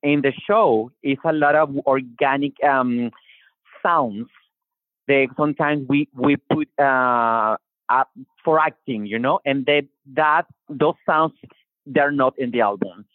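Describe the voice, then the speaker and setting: A man with a Latin American Spanish accent, talking about his music in an animated way, restarting his sentences and acting out quotes. His voice comes through a tinny, phone-like call line. The sound is dry, with no room around it. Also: mid-range voice, slow, no echo. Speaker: singer-songwriter guest. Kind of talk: casual interview talk.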